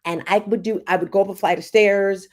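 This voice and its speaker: A woman in her fifties hosting a casual livestream, telling personal stories in a chatty, animated way. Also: medium pitch, fairly quick. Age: 50s. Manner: chatty, animated storytelling with laughs. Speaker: livestream host, confidence coach. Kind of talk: casual group livestream talk.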